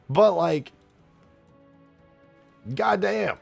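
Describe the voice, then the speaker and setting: A young man live-streaming as a game modder, thanking viewers for tips, excitable and swearing, straining a tired voice. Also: medium pitch, normal speed, vocal fry, soft background music. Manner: excitable, swearing, laughing between lines.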